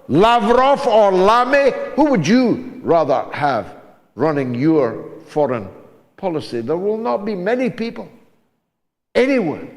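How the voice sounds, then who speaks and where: An older man hosting a call-in talk show, speaking slowly and deliberately with frequent pauses. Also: high-pitched, long reverb tail.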